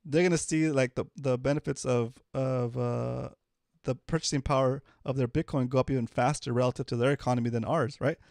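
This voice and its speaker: A man in his thirties hosting a casual livestream, animated and forever asking "right?". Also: mid-range voice, brisk, creaky, dry recording, studio quality. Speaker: host.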